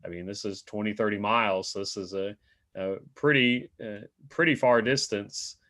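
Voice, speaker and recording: Lower-voiced man discussing scripture casually. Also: moderate pace, fairly bright tone. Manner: hesitant, trailing off, frequent fillers. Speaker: co-host of a Bible study show. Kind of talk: conversational Bible discussion.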